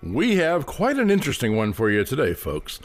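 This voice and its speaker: A man's voice: mid-range voice, huge pitch swings, moderate pace, faint music behind. An actor playing a male TV talk show host with a showy manner. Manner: showy, swooping delivery.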